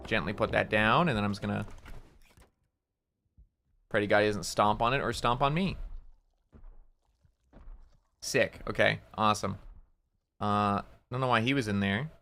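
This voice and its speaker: A man with a bright, forceful voice chatting casually as he streams a game. He rambles through an anecdote, stammers and repeats words, and drops swear words without a second thought. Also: on the low side, measured pace, vocal fry, long pauses. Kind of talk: casual storytelling while gaming.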